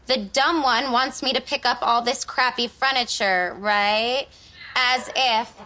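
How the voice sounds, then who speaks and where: A woman's voice: a little high, fairly even intonation, slow, sharp tone. An actress playing a prim, bossy young businesswoman in a sitcom, exasperated and commanding. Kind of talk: sitcom acting.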